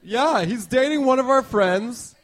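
A man impersonating a sunny, earnest male fashion mentor in a comedy sketch, his voice sitting strikingly high. He hands out absurd advice with complete confidence and a rambling, matter-of-fact delivery. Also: expressive, measured pace.

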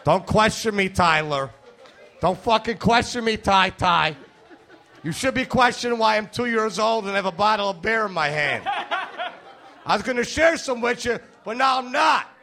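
A man's voice: very high-pitched, expressive, normal speed, sharp tone, voice pushed up, exaggerated voice. A stand-up comedian voicing a foul-mouthed, swaggering two-year-old boy in the middle of his act. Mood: taunting. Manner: taunting, swaggering. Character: foul-mouthed bragging male toddler.

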